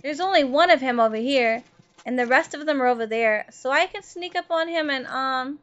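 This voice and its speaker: Brief: high, chatty woman streamer, swears freely and greets chat by name, dull lo-fi mic. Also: moderate pace, a bit bright. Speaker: livestreamer. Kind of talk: casual live-stream chat while gaming.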